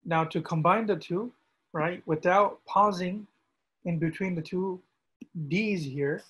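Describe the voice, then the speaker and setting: A man, an imam, teaching how to pronounce a prayer, repeating each word slowly and drawing it out for practice. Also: sits high, a bit bright, breathy edge, poor audio. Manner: slow, deliberate, repeats words drawn out for practice. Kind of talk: pronunciation lesson with screen pointer.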